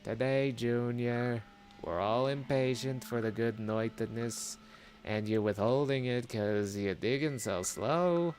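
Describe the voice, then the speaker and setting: A man putting on a fussy, impatient older man with a slightly Southern accent, coaxing in a drawn-out, mock-formal way. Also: medium pitch, darkish tone, a little hiss or hum, close to an everyday voice.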